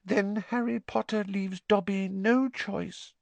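A man's voice: a little slow, no room sound. A man voicing a small, anxious, servile male house-elf who pleads and speaks of himself in the third person, in an audiobook. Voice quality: squeaky, high and breathy. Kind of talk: audiobook character voice.

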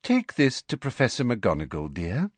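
A man voicing a coldly sweet woman teacher who speaks softly and slowly. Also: medium pitch, wildly swooping pitch, breathy edge, dry recording, pitched above the performer's own voice. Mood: sugary. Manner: soft, sugary, slow and cold. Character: falsely sweet, cold middle-aged woman teacher.

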